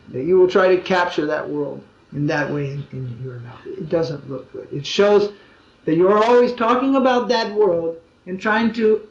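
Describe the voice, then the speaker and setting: High-voiced man giving a roomy talk. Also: a little mellow. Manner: conversational storytelling with wry humor. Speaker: swami giving a spiritual talk. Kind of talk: informal religious discourse with anecdotes. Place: gathering in a room. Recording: roomy dull lo-fi 2001 recording.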